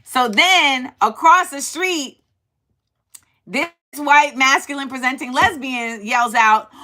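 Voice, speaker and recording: A woman's voice: sits high, slow. A woman from Harlem, hosting a casual chat and animatedly acting out the people in her stories. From Harlem, New York. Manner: animated, acts out quoted voices. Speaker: host.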